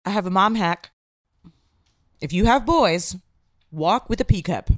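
A woman's voice: mid-range voice, expressive, unhurried. A woman co-hosting a casual podcast chat, a mother telling frank stories and tips about raising kids. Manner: frank, storytelling.

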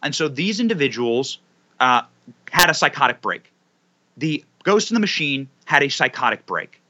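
A man speaking as a guest commentator in impassioned, emphatic political commentary, building his points with dramatic pauses. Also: mid-range voice, big pitch swings, pushed and bright.

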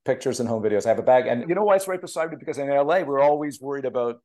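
A man's voice: medium pitch, very fast. A man from Canada, a TV producer and author, telling emotional stories in a casual podcast interview over a remote call. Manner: animated, emotional storytelling.

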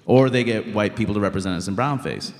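A man's voice: on the low side, fast. A man in his thirties from Queens, New York, a stand-up comedian talking bluntly in a live stage interview with lots of "like" fillers. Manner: blunt, animated, many "like" fillers. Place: live show stage in a hall. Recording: reverberant live hall.

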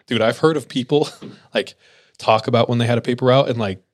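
A man hosting a podcast, telling ghost stories in a relaxed way with lots of filler words. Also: medium pitch, fairly quick, no echo, clean studio sound. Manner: relaxed, filler-heavy, laughs easily. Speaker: podcast host. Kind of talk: casual spooky storytelling.

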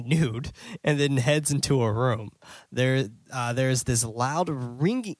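A man hosting a podcast, recapping a film scene by scene in a loose, chatty way with plenty of fillers and quick self-corrections. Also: medium pitch, no room sound. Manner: blunt and excitable. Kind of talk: casual scene-by-scene movie recap.

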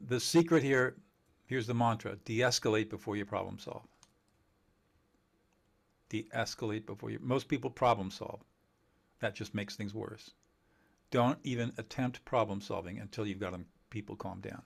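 A man teaching communication skills in an interview, emphatic and animated, laughing often and acting out quoted dialogue. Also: fairly low pitch, normal speed, gravelly. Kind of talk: conversational interview.

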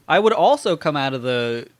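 A man co-hosting a casual podcast, making wry deadpan quips. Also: medium pitch, unhurried, dry recording. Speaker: podcast co-host.

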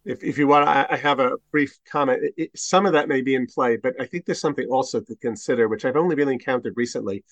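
A man who is a rabbi, speaking as a podcast guest in a thoughtful, halting way with frequent restarts. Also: mid-range voice, dry recording. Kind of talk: conversational discussion.

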